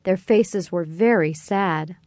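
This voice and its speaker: A woman narrating a children's audiobook in a gentle, clear and expressive way. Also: on the low side, takes it slowly, no echo, clean studio sound.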